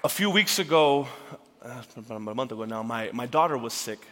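A young adult man, a pastor, preaching a sermon with earnest feeling that swings from urgent rises to hushed, tender passages. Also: mid-range voice, lively intonation, fairly quick, a crowd in the background, background noise. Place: church sanctuary. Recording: church hall reverb with faint music.

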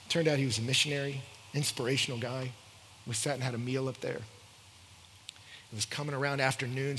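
Young guy spinning a story in a big echoey hall, bright voice, gets loud when he acts out the lines. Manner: acts out quotes with big jumps in pitch and volume. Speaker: speaker telling a story. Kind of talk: animated storytelling talk. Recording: echoey hall with faint noise.

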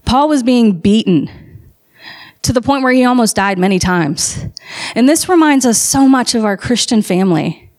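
A woman's voice: fairly high pitch, expressive, normal speed, darkish tone. A woman preaching a sermon, telling a story with building passion and emphatic calls to her listeners.

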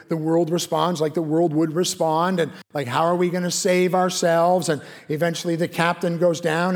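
A man preaching a sermon as pastor, in an earnest, conversational way full of rhetorical questions. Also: fairly high pitch. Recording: long reverb of a large hall.

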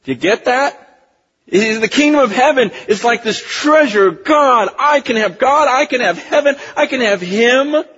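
A male pastor delivering an impassioned sermon, swinging from hushed to near-shouting, with a husky voice. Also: extremely high pitch, lively intonation, moderate pace. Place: church sanctuary. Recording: lo-fi recording with long hall reverb.

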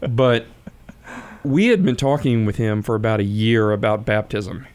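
A man who is a guest on a faith talk show, telling a story about his son in a steady, articulate, measured way. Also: on the low side, clear, resonant tone.

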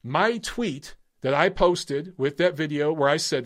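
A man's voice: a little high, expressive, unhurried, a bit bright. Rambling man hosting a boxing show. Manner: rambling, restarts often, swears casually. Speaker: boxing podcast host. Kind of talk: casual opinion commentary.

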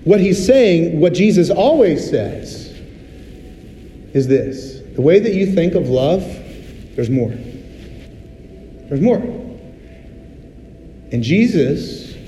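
Conversational pastor preaching in a roomy hall. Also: male voice, a little high, sing-song, takes it slowly, long pauses, mellow, slight background noise. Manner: candid and conversational, acts out little voices. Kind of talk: sermon. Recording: roomy hall reverb, faint ambience.

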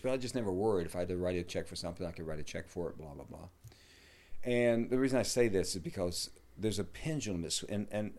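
A middle-aged man, a yoga teacher, talking in a rambling, casual way, swearing and dropping to low mutters. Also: darkish tone. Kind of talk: casual podcast conversation.

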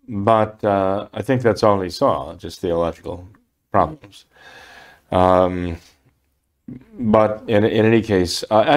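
Older man, priest, low voice, halting, full of ums and restarts. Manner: hesitant, many fillers and restarts. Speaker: priest answering questions. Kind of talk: unscripted question-and-answer program.

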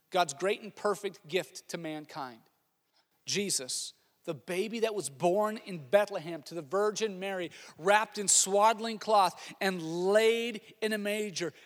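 Animated high-voiced male pastor preaching. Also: in a large hall. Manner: animated preaching, swings from loud exclamations to quiet asides. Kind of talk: sermon.

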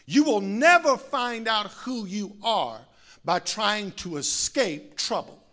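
A middle-aged man preaching a sermon as pastor, rising into shouts and whoops, with a slight cough. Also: sits high, lively intonation, slow pace.

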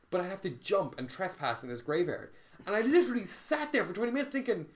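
A man telling a story in casual chat, animated and swearing freely, often restarting his sentences. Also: sits high, fast.

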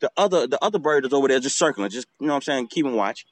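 A man's voice: medium pitch, expressive, racing, dry recording. A man hosting a podcast outdoors, telling a casual, swearing story and acting out the bird calls. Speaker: podcast host.

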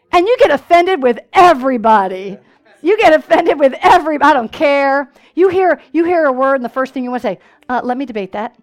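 High-voiced woman preaching animatedly. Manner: animated storytelling with call-and-response asides. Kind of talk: sermon.

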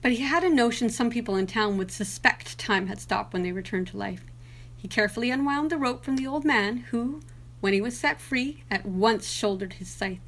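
A woman, the podcast host, reading fairy tales aloud as lively storytelling narration. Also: mid-range voice.

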